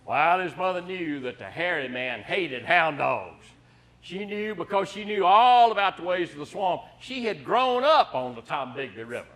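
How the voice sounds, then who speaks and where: A man's voice: on the high side, lively intonation, normal speed, fairly bright tone. A man reading a folktale aloud to children, in a folksy way, acting out yelps and hollers. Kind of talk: animated read-aloud storytelling.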